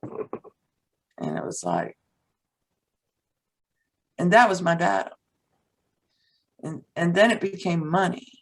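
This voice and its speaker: A woman's voice: lowish voice, wildly swooping pitch, takes it slowly, pauses often, poor audio. A woman guest, a teacher and author, telling a personal story in conversation in a blunt, frank way and swearing casually.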